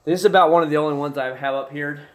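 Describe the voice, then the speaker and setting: A young man hosts a casual livestream from a room at home. He rambles through viewer comments, stumbles and restarts his sentences, then jumps into loud, excited bursts. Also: on the high side, racing. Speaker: livestream host. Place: home room with desk and gear.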